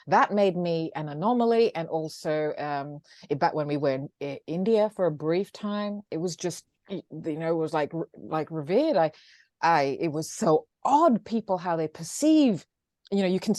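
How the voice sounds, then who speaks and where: A woman in her fifties with an English accent, chatting as an interview guest, animated and often laughing, with frequent restarts. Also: lowish voice, normal speed, no room sound, clean studio sound. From England. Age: 50s. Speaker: guest, former radio presenter. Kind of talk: casual interview chat.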